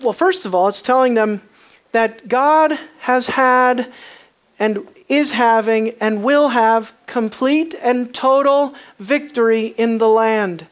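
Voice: mid-range voice, takes it slowly, clean tone. Preacher with dramatic swings in volume. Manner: swings from quiet to loud, emphatic peaks; asks the congregation many rhetorical questions. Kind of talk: sermon.

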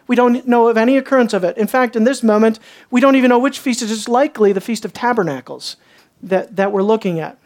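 Animated woman preaching a sermon. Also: quick pace. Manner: animated storytelling, acts out characters with jumps in pitch. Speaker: pastor.

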